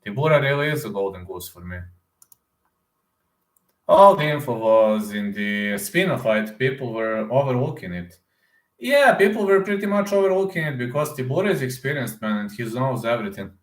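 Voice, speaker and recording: Male reaction host, excitable and repetitive, demonstrating techniques; mid-pitched voice, echo-heavy room. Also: normal speed. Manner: excitable, repeats phrases, demonstrates fight moves. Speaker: MMA news reaction host. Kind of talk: casual reaction commentary.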